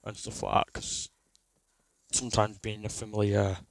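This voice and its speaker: A man's voice: fairly low pitch, completely flat delivery, moderate pace, gravelly, poor audio. A young man, telling a rambling, sweary personal story in a casual way. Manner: rambling, sweary, restarts a lot.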